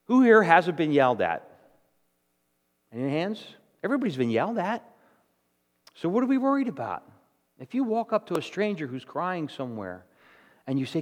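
A man's voice: fairly high pitch, big pitch swings, moderate pace, pauses often, long reverb tail. A man preaching a sermon to his congregation, talking conversationally and often checking in with "okay?" and "all right?". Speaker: pastor. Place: church hall with congregation.

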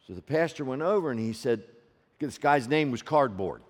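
A man preaching a sermon as a story, swinging from loud peaks to hushed low tones and asking the audience rhetorical questions. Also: lively intonation, normal speed. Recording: long reverb of a large hall.

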